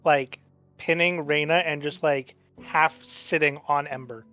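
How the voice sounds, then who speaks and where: Calm, matter-of-fact tabletop game master. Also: medium pitch, unhurried, lo-fi sound, faint music behind.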